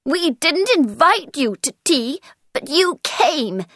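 Storybook hare, insistent and touchy, put on by a woman, high and swooping. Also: big pitch swings, slow, pushed and bright, dry recording, studio quality, exaggerated voice. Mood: indignant. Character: touchy male hare at tea.

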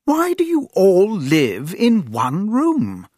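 Man voicing a young boy prince, high-pitched, lively swings, commanding and eager, storybook reading. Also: slow, dry recording, studio quality, full character voice. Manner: orders loudly, lively and eager.

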